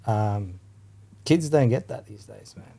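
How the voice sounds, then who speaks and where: A man's voice: fairly low pitch, expressive, a little slow, creaky, dark tone. A man from Australia, a podcast guest, rambling in casual chat and swearing freely as he keeps checking "you know what I mean.".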